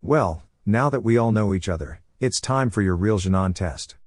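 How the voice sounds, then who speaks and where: A man reading the lines of a laid-back, teasing adult male ninja teacher in an easygoing, unhurried way. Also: fairly low pitch, animated, darkish tone, no echo, clean studio sound.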